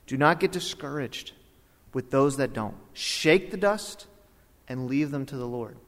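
A man preaching a sermon as pastor, animated and swinging between loud bursts and hushed asides. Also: mid-range voice, measured pace. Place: church auditorium. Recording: long reverb of a church hall.

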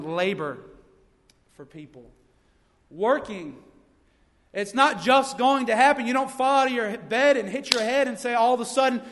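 A man's voice: high voice, fairly bright tone. A young man, a youth pastor preaching a sermon with energy and funny stories. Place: church sanctuary. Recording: long reverb of a church hall.

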